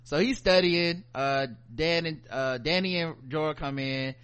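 A man casually recapping a TV episode, animated and profane, acting out the scenes as he goes. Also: a little high, a little slow, smooth. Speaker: podcast host.

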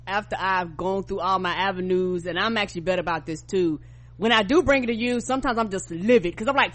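A podcast co-host with a bright, forward tone talks emphatically and laughs easily. The speech is casual and colloquial, thrown back and forth in easy chat. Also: mid-range voice, fast talker.

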